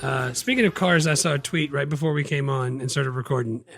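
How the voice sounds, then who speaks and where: A man's voice: medium pitch, fairly quick, a bit bright, faint music behind. A man co-hosting a podcast in casual chat, joking and laughing often. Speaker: podcast co-host.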